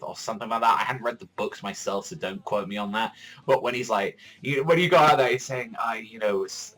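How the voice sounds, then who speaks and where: A man giving a casual, excitable fan reaction to a TV episode, swearing heavily and laughing often. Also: lowish voice, rough recording. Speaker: reaction vlogger.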